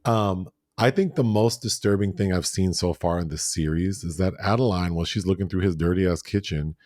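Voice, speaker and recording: Male podcast co-host, low voice, dry close sound, chatty recapper who acts out scenes. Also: a little fast, darkish tone, no echo. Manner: chatty, laughing, acts out characters' lines. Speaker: film review podcast co-host. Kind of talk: casual recap chat.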